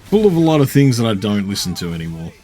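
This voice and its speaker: A man streams a game, chatting casually in a rambling, swear-laden way full of fillers. His voice is lowish, sing-song and darkish, and he talks fast, with faint game music in the background.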